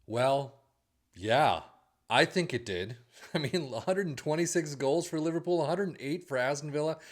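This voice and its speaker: Upbeat man reviewing a game. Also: fairly high pitch. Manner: upbeat, chatty, reads off stats quickly. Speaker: video game channel host. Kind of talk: casual game review commentary.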